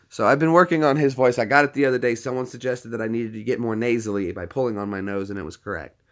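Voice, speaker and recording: A man's voice: mid-range voice, quick pace. A man hosting a casual livestream from his phone, rambling and often restarting his sentences. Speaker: livestream host.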